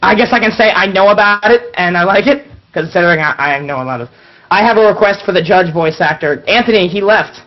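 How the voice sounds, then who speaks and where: A man hosting a casual live-stream podcast, excitable and giggly. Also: high-pitched, brisk. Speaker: podcast host. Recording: dull lo-fi stream audio with faint music.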